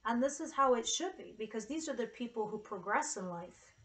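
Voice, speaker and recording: Woman, tarot reader, high-ish voice, earnest, emotional, swears casually. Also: lively intonation, brisk, fairly bright tone, rough recording. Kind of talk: casual tarot reading to camera.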